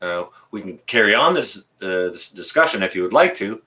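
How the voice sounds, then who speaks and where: Male stream host, heated and indignant, bright forceful voice, swears then apologizes. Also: fairly low pitch, very animated, brisk. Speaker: livestream host. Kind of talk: heated livestream rant.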